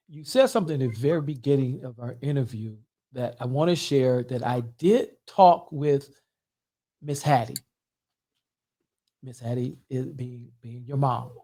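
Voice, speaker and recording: A man, a pastor, hosting an interview and asking measured questions, often repeating his words. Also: medium pitch, darkish tone. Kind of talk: interviewing a guest.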